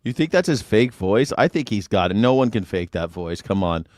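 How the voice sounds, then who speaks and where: A man's voice: on the low side, big pitch swings, normal speed, darkish tone, no room sound, studio quality, faint music behind. A man hosting a casual livestream reaction show, chatting with his viewers and cursing freely. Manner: chatty, cursing, talking to chat. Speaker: livestream host.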